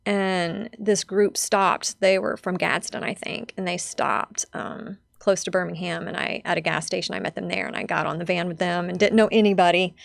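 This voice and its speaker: A woman's voice: on the low side, fairly even intonation, normal speed, creaky, hardly any pauses, no echo. A young adult woman telling a personal story as a podcast guest, heartfelt and chatty with lots of fillers.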